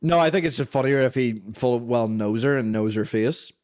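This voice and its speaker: A man's voice: mid-range voice, normal speed. A man co-hosting a podcast, brainstorming casually and swearing freely, acting out scenes with little voices. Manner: profane, animated, acts out scenes with voices. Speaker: podcast co-host.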